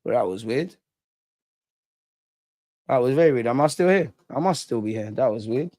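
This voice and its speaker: Animated man on a live stream. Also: mid-range voice, normal speed, no room sound, studio quality. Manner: animated banter, reads chat aloud, mocks rivals. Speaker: football fan channel host. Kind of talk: live-stream reaction chat.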